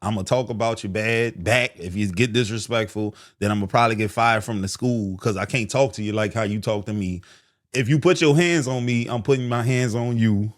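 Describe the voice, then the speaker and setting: A man's voice: medium pitch, a little fast. A man reacting to a clip with a comedic rant. He talks in heavy slang and puts on mock toughness with a joking bravado, then undercuts it himself. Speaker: reaction commentator.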